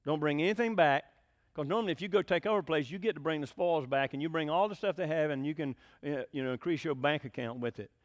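Folksy male preacher, high-pitched, chatty, keeps quizzing the flock. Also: fast, hardly any pauses. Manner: folksy, asks the congregation questions, chuckles. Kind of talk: conversational sermon.

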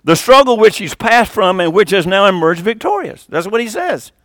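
An older man preaching a sermon as pastor, swinging between loud emphatic lines and quiet, low asides. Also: big pitch swings, normal speed, dry recording, clean studio sound.

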